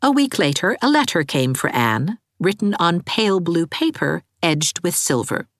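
A woman reading a classic novel aloud in a measured, expressive way. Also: fairly low pitch, no echo, studio quality. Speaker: audiobook narrator.

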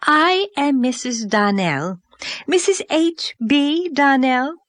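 A woman voicing a pompous, overdressed middle-aged society lady, speaking in an affected, haughty, drawn-out way. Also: high-pitched, lively intonation, fairly bright tone, no echo, voice pushed up, heavily acted.

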